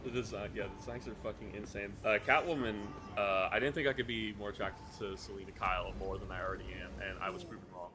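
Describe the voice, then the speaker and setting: Low-voiced swearing streamer man. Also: fast, hardly any pauses, noisy background. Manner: rambling, swears often, restarts sentences. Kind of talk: casual live-stream chat while gaming.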